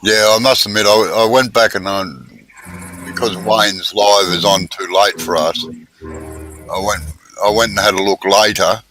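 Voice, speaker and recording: A man hosting a casual live stream chat, easygoing and quick to laugh, talking over a video call. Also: fairly low pitch, fairly even intonation, bright, forceful tone, a little hiss or hum.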